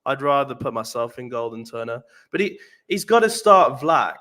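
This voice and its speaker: A man's voice: mid-range voice, expressive, moderate pace, bright, forceful tone. An English man talking earnestly and repeating himself as he thinks, in a casual chat on a live fan stream. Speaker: panelist on a fan show.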